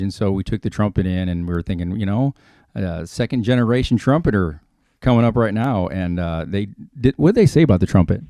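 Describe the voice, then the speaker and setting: A man's voice: deep voice, fairly quick, dark tone, dry recording, clean studio sound. A man hosting a podcast, chatting casually and rambling a bit. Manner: rambling, restarts often. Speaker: podcast host. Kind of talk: casual chat.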